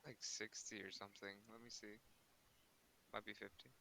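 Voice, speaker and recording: Bright-voiced man, dry quips. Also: lowish voice, flat delivery, moderate pace, creaky. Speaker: player. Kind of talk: casual tabletop play chat.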